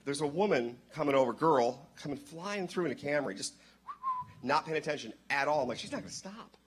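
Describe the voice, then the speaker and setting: A man telling a story in church on a handheld microphone, excitable and bursting into loud exclamations. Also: a little high, a little fast, slight background noise. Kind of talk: animated storytelling.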